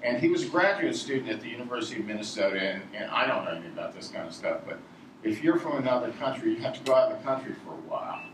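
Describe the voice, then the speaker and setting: A man's voice: mid-range voice, expressive, rapid-fire. A man from Virginia telling a meandering, digressive story to a live audience and chuckling at his own tale. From Virginia, USA. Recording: echoey room, distant mic, noisy.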